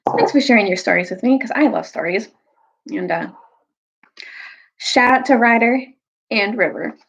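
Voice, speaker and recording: A young woman telling a children's story, recapping and reading aloud in a casual, animated way. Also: normal speed, vocal fry, breathy edge, muffled recording. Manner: animated, jumps high for quoted characters.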